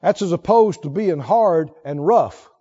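A man preaching a sermon with emphasis, repeating key phrases and swinging between loud declarations and soft asides. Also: high-pitched, lively intonation, measured pace, husky, muffled recording.

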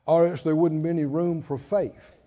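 In a church or conference hall, a man delivers a sermon at a conference in a chatty style, often laughing and quizzing the congregation. His fairly high, mellow voice holds a steady tone at a moderate pace, captured with dull sound and hall reverb.

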